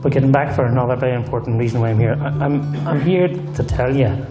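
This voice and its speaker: A man's voice: medium pitch, quick pace. Earnest Northern Irish man testifying. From Northern Ireland. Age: middle-aged. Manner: earnest, emphatic storytelling with repeated phrases. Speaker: guest speaker giving his testimony. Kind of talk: personal testimony in church. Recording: roomy hall with faint guitar.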